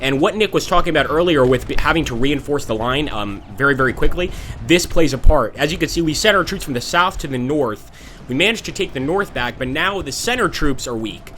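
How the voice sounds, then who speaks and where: A man's voice: a little high, lively intonation, a little fast, sharp tone, slight background noise. A young American man hosting a casual game commentary, chatty and full of fillers as he reads chat and calls the action. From United States. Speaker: gaming channel host. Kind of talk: casual let's-play commentary.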